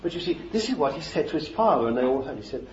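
A man's voice: fairly high pitch, very animated, very fast, a little hiss or hum. A man preaching a sermon in a fervent, emphatic way, repeating his phrases for stress. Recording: echoey, dull lo-fi recording.

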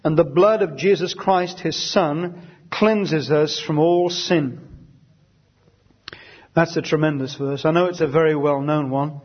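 Man teaching scripture, husky. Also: a little high, dull audio. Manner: reads scripture slowly and deliberately, then explains conversationally. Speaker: Bible study leader. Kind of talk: Bible study teaching.

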